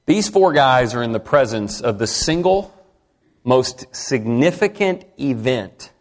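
An animated man with a mid-range voice preaches a sermon in a conversational manner. Questioning the congregation as he goes, he veers between quiet, slow lines and emphatic declarations.

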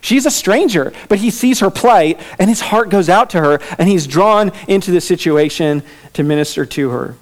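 A man preaching a sermon in a relaxed, conversational way, with casual fillers and asides. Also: high voice, moderate pace. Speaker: pastor.

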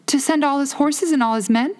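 A woman reading a storybook aloud, raising her voice to play a polite, gentle young girl. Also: a little fast, lightly acted. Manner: polite, gentle, bright and higher.

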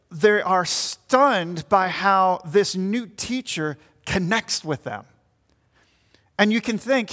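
A male pastor preaches to his congregation in a church meeting room, asking them to picture the scene as he explains it. His voice sits high with a fairly bright tone, and the recording carries a long hall reverb.

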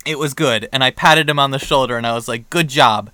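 A young man co-hosting a podcast, telling a story in a casual, animated way and acting out the dialogue. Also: medium pitch, brisk, smooth, no room sound. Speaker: podcast co-host.

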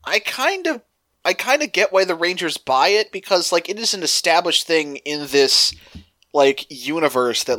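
A man's voice: fairly high pitch, moderate pace, no room sound. A man joking around while discussing a TV episode with friends. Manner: jokey, animated asides. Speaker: podcast co-host. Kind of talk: casual chat.

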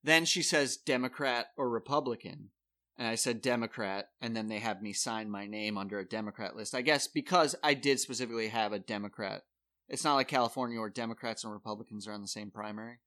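Bright-voiced man telling a story. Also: fairly low pitch, quick pace. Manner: animated storyteller, acts out quoted people. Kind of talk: casual storytelling chat.

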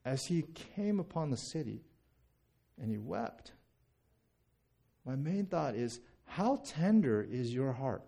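A man's voice: medium pitch, sing-song, slow pace, vocal fry, long pauses, dark tone. A man in his thirties, a pastor from the United States, preaching a sermon in a conversational way, often repeating words and checking in with "right?".

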